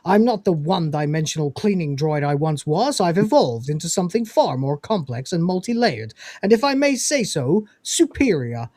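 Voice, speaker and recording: A man's voice: on the high side, moderate pace, few pauses, no echo. A man hosting a casual review show, retelling scenes and acting out the characters' lines. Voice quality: animated storyteller, acting out quoted lines. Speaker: podcast host reviewing episodes. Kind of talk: casual recap chat.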